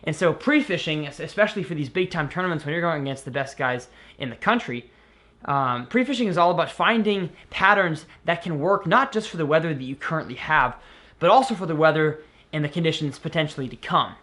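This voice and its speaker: A man's voice: on the high side, fairly quick, no echo. Chatty young-sounding fishing vlogger man. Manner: chatty and excitable, thinking aloud. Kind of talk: casual vlog with fishing tips. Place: outdoors on a boat on a lake.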